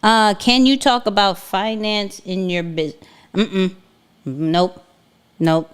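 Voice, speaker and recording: A woman's voice: medium pitch, steady tone, slow, heavy background noise. A woman co-hosting a casual live chat, answering viewer questions with rambling side notes. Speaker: co-host.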